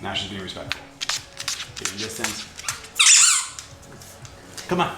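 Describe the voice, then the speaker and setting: A man working as a dog trainer, giving calm commands and quick praise, shushing as he explains each step of the demonstration. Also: medium pitch, over loud music. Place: indoor building with an elevator. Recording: echoey room with steady background noise.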